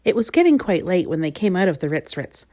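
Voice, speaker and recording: A woman reading a children's storybook aloud in a gentle, expressive way. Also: fairly low pitch, brisk.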